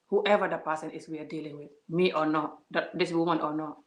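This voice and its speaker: A woman's voice: low-pitched, fairly even intonation, fairly quick, few pauses. A woman giving an emphatic, preachy vlog monologue, full of repeated words and rhetorical questions. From Gambia. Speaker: vlogger. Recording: roomy echo.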